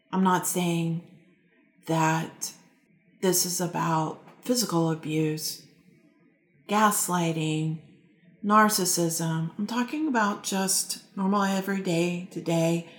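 Woman, life coach, lowish voice, calm reflective guidance, echoey room. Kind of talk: guided self-help talk to listeners.

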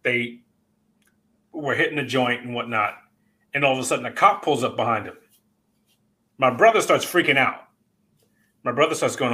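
A man's voice: medium pitch, moderate pace, long pauses. A man hosting a podcast, chatting casually and telling stories with plenty of swearing. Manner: swearing, animated storyteller. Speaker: podcast host. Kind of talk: casual chat.

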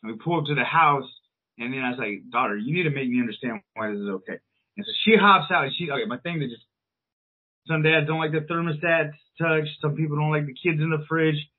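A man's voice: on the high side, breathy edge. A man in his thirties co-hosting a podcast, telling a long story in a loose, rambling way with plenty of swearing and filler words. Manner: rambling, profane, lots of fillers. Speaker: podcast co-host. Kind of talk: casual storytelling chat. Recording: tinny, phone-like sound.

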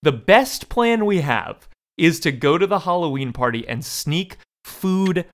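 A man co-hosting a podcast, riffing with dry, sarcastic deadpan in casual chat. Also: fairly high pitch, a little slow. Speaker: podcast co-host.

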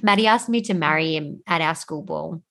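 A woman's voice: low voice, normal speed, creaky, a bit bright. A woman in her late twenties co-hosting a casual podcast, giggling often as she reads old messages aloud. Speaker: podcast co-host. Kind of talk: casual chat.

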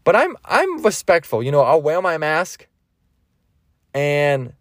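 A young man hosting a solo podcast, rambling excitably and swearing freely as he tells a story from a parked van. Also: fairly high pitch, slow pace, dry recording, studio quality. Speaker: podcast host.

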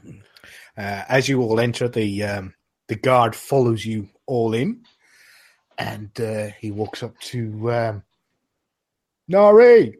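A man running a tabletop game, describing a scene at an unhurried pace. He stops often to search for words and fills the gaps with little hesitations. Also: on the low side, fairly even intonation. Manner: hesitant, many fillers. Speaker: game master.

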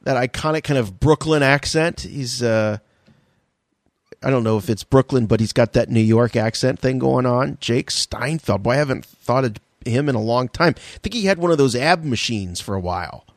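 A man's voice: medium pitch, lively intonation, normal speed, dry recording, clean studio sound. A man co-hosting a podcast, joking and rambling with plenty of fillers. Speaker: podcast co-host. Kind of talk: casual chat.

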